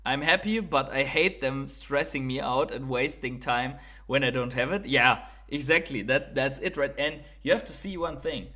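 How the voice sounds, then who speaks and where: Male livestream host, German accent, mid-pitched, chatty and unpolished, swears, ends lines with "right?". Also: moderate pace, few pauses, pushed and bright. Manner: thinks aloud, swears, keeps adding "right?". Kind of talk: casual livestream chat.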